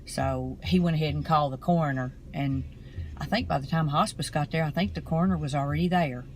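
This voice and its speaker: A middle-aged woman, talking casually to camera from her car in an earnest, rambling, halting way. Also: sits low, slight background noise, low-quality recording. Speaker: vlogger.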